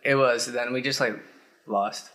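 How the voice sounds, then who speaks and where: A young man co-hosting a podcast, chatting casually with friends in a rambling way full of pauses and filler words. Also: medium pitch, steady tone, a loud crowd. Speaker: podcast co-host. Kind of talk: casual chat among friends.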